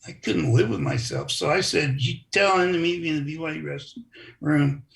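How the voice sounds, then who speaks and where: Gravelly man telling a story. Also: a little high, brisk. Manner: animated storyteller who acts out quoted voices. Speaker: interview guest, former wrestler. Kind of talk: casual storytelling interview.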